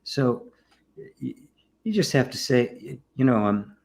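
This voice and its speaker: An older man, a spiritual teacher, giving a relaxed satsang talk, often checking in with "right?" and soft laughs. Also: medium pitch, unhurried, gravelly. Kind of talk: satsang talk, answering questions.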